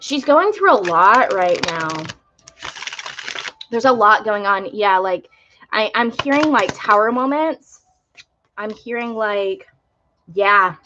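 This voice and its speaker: A woman's voice: medium pitch, lively intonation, takes it slowly, pauses often, sharp tone, lo-fi sound, a little hiss or hum. A young woman giving live tarot readings, talking casually with many fillers about spiritual topics. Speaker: tarot reader.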